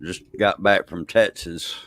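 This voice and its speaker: A man talking in a tired, low-key way during a casual live stream chat. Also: unhurried, fairly bright tone.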